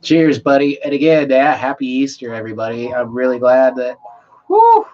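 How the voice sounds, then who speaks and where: A man's voice: mid-range voice, flat delivery, brisk, a little mellow, soft background music. A man chatting casually with his viewers on a live stream from home. He speaks laid-back, swears here and there, and coughs between sentences. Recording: dull lo-fi stream audio, faint room hiss.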